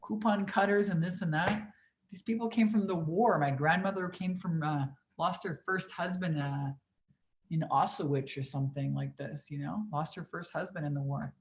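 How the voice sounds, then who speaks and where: A woman's voice: deep voice, moderate pace. A woman in her forties, a business coach on a livestream Q&A, talking in a blunt, profane, emphatic way. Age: 40s.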